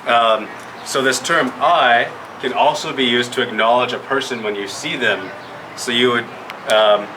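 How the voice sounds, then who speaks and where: In an indoor room at a public museum event, a language presenter from Washington's Yakima Valley leads a group lesson. His voice is mid-range with background noise behind it, and he patiently poses questions while spelling words one letter at a time.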